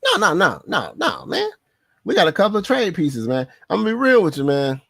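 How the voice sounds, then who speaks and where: A man hosting a casual sports podcast, excitable and slangy, laughing often as he talks. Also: high-pitched, fairly quick, creaky, dry recording, clean studio sound. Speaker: podcast host.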